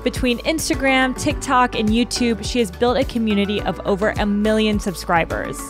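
A woman's voice: fairly high pitch, normal speed. Earnest woman podcast host over music. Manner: earnest, heartfelt. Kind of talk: podcast interview.

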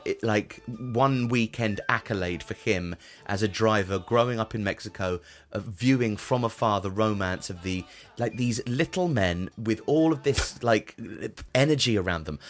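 A man with a fairly low voice co-hosting a comedic chat. He is wry and argumentative, building his points into little rants. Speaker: podcast co-host.

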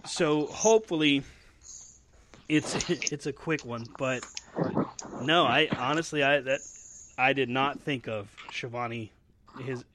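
A man's voice: mid-range voice, slow pace, long pauses, noisy background. A man co-hosting a casual wrestling podcast, chatty and laughing often, with hiccups. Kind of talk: casual chat.

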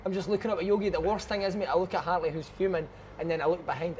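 A man's voice: high voice, quick pace, few pauses, a little hiss or hum. A Scottish man in his thirties, a former footballer telling a story in casual chat, swearing freely. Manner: swearing, animated anecdote telling. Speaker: podcast host, former footballer.

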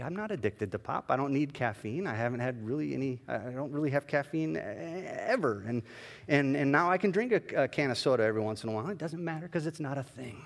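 A man's voice: a little high, animated, fairly quick, fairly bright tone, in a large hall. A male pastor preaching a sermon in a conversational, self-deprecating storytelling way.

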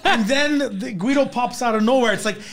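Brief: middle-aged male comic, high voice, rambling, profane, quick to laugh. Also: very noisy. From Canada. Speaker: comedian and podcast host. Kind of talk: casual chat.

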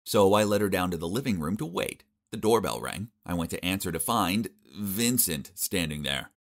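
A young man narrates a first-person story with dramatic, comic flair. His voice sits on the low side, yet his pitch leaps and dips all over as he plays up each moment. He tells it like an animated storybook. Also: normal speed. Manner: expressive, dramatic comic delivery.

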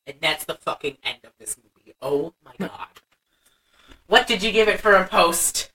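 A woman co-hosting a casual movie recap podcast, telling the plot in an animated, profane way with lots of laughing. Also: fairly low pitch, a little slow, recorded from a distance, poor audio. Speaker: podcast co-host.

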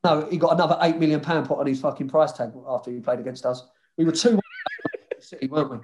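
A man, once a footballer, recounts old dressing-room tales with a lot of swearing and banter. His voice sits a little high for a man, and he talks casually. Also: fast talker, slight background noise. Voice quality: swears freely, lively banter. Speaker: guest, former footballer. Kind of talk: casual storytelling chat.

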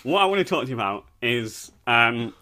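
A man's voice: mid-range voice, big pitch swings, a little fast, sharp tone. A man co-hosting a comedy podcast, rambling and self-mocking with frequent laughter. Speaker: podcast co-host. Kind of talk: comedic banter.

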